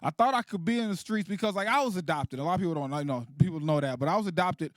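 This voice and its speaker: A man in his late thirties doing a stand-up comedy set, animated and profane, laughing at his own jokes. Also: sits high, racing, no echo, studio quality. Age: 30s. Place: comedy stage.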